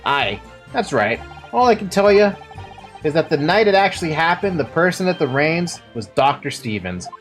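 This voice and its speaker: A player reading game dialogue aloud, voicing a gruff, evasive middle-aged male prison governor in a put-on Scottish accent. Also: medium pitch, sing-song, normal speed, faint music behind, close to an everyday voice.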